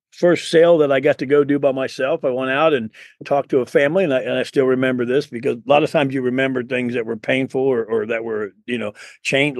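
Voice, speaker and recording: A middle-aged man recounts his early career as an interview guest, earnest and rambling, looping back on himself with restarts and asides. His voice sits at a middle pitch with a gravelly edge, and the recording is close and dry. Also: dry recording. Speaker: guest, insurance sales coach. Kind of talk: storytelling in an interview.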